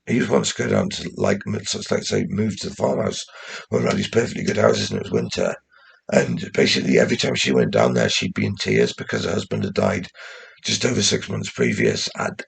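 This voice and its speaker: A man talking in a rambling, casual monologue, often swearing and restarting his sentences, with a gravelly, husky voice. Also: deep voice. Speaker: commentator.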